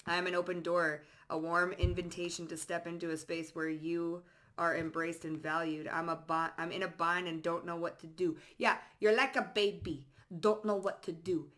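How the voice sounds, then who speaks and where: A woman's voice: on the low side, level tone, normal speed, a bit bright. Profane, sassy woman reading tarot. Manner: reads card phrases aloud in bursts. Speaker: psychic tarot reader. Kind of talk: casual tarot reading to camera.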